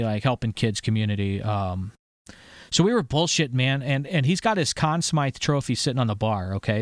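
A man's voice: on the low side, no room sound, clean studio sound. A man in his thirties from St. Louis, hosting a podcast and telling a story in a rambling, profane, emphatic way full of restarts. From St. Louis, USA. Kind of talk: casual storytelling chat.

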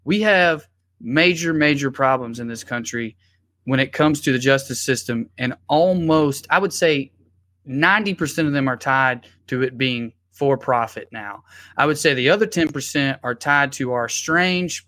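Bright, impassioned man in a dry studio. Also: mid-range voice, normal speed, no echo. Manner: impassioned, blunt, swears freely. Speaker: guest, former public defender. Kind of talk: podcast discussion.

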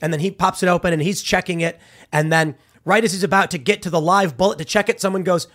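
A man giving casual, argumentative opinion commentary with a slangy, animated way of talking. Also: high-pitched, brisk.

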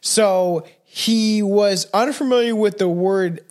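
A man's voice: sits high, slow pace, a little mellow. A man hosting a casual, profane podcast, retelling a strange case over drinks. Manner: profane, storytelling, recounting a case. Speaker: podcast host.

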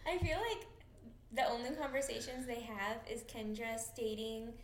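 A woman co-hosting a podcast in casual chat, agreeable and quick to laugh. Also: on the high side, steady tone, roomy sound. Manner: agreeable, laughs often, short replies. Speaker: podcast co-host.

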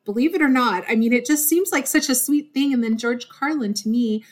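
A woman's voice: on the high side, fairly quick. Earnest woman rambling from the heart. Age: adult with a desk job. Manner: warm, earnest, easily moved to tears. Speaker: podcast host.

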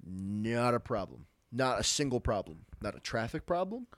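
An excitable man co-hosting a podcast, his pitch swinging up and down as he talks. He fills his talk with filler words and swears, and the sound is dry and close. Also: moderate pace, dry recording. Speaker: podcast co-host. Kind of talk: casual chat.

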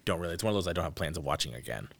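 A man hosting a casual podcast chat. He talks in an animated way, with many restarts and asides. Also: low voice, racing, vocal fry. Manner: animated, acts out scenes in quoted voices. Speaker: podcast host. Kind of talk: casual chat about movies.

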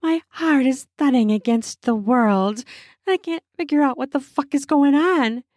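A woman tells an erotic audio story in the first person, her voice breathy and intimate and a little high. She takes her time over every line, unhurried and hushed. The recording is dry and close, with no room sound. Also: dry recording. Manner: breathy and intimate, slipping into soft moans. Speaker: narrator.

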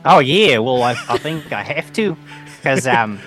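A man's voice: medium pitch, animated, measured pace, fairly bright tone, soft background music. A man role-playing his character in a tabletop game, earnest, rambling and stammering. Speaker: guest player.

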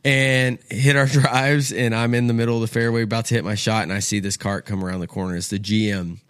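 The clip is clean-toned, echo-free, and studio quality. In it, a young man with a lowish voice and a brisk delivery appears as a guest on a casual podcast, telling a lively story full of swearing and acted-out quotes.

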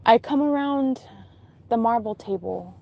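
Young adult woman, casual storyteller, animated and breathless delivery. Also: on the high side, a little slow, gravelly, muffled recording. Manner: breathless, animated retelling with quoted dialogue.

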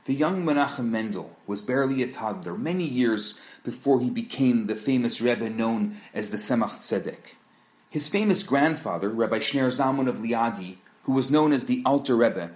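A man in scripted narration, teaching a Torah lesson in a measured, explanatory way and posing rhetorical questions. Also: mid-range voice, animated, a little mellow.

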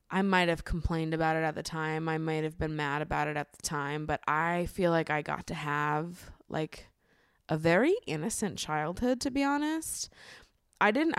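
A woman's voice: sits low, clean tone, dry recording, clean studio sound. A woman in her late twenties hosting a podcast, talking casually on her own, laughing often and swearing freely. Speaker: podcast host. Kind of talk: casual solo podcast monologue.

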